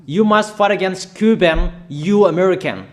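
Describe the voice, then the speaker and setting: A man's voice: high-pitched, moderate pace. A man preaching a sermon of prophetic declarations, emphatic and repetitive in a declamatory way.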